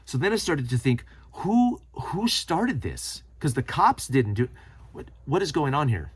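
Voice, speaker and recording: Man, middle-aged, channel host, animated storytelling, mid-pitched voice, acts out quotes. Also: moderate pace, breathy edge. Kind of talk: storytelling to camera.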